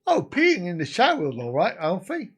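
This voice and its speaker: A man's voice: sits high, wildly swooping pitch, normal speed, husky. A man in his fifties from the UK, hosting a casual live stream and bantering crudely with his viewers. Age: 50s.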